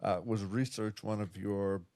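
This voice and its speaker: A man hosting a casual podcast interview, with a fairly low voice. He asks short questions and adds quick encouraging interjections. The recording is dry, with no room echo. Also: steady tone, mellow. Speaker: podcast host.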